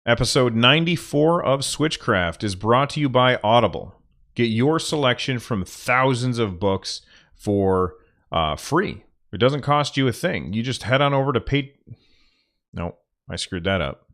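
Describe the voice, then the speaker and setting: A man hosting a podcast, reading sponsor spots casually and muttering to himself when the recording software fails. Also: mid-range voice, expressive, a little slow. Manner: offhand, restarts and mutters at tech trouble. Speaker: podcast host.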